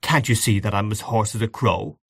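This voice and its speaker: A man reading aloud, voicing a touchy male singer who speaks gruffly and curtly. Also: on the low side, normal speed, fairly bright tone, no room sound, clean studio sound. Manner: gruff, curt.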